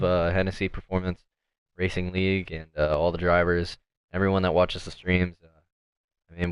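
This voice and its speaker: A man's voice: low-pitched, clean tone. A man casually commentating an online sim race as host, with lots of fillers. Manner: casual, filler-heavy play-by-play.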